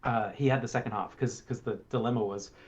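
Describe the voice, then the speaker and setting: A man co-hosting a casual film review chat, eagerly retelling comic scenes and acting them out in sudden high voices. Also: fairly even intonation, fairly quick, lo-fi sound. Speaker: podcast co-host.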